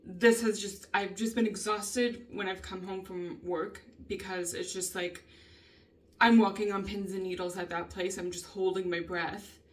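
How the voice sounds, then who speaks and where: A woman venting in a casual vlog, upset and emotional, frustrated and swearing a lot with halting ums. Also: mid-range voice, steady tone. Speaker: vlogger. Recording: voice a bit distant from the mic.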